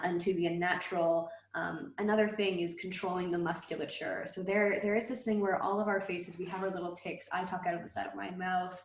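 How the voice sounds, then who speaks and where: A woman narrating a tabletop game as game master, slow and halting with many fillers. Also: fairly low pitch, roomy sound, rough recording.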